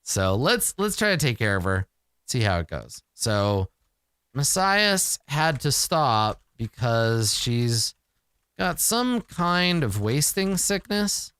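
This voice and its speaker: Man, solo tabletop game, exasperated, self-mocking, slow, bright, lively pitch. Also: clean tone, no room sound, clean studio sound. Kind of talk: solo game playthrough, thinking aloud.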